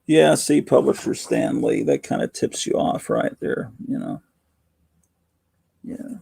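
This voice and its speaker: Hoarse man in his fifties, rambling livestream host, very gravelly, dark and husky tone. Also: medium pitch, wildly swooping pitch, slow pace, long pauses. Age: 50s. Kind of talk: casual late-night livestream chat. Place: home at night.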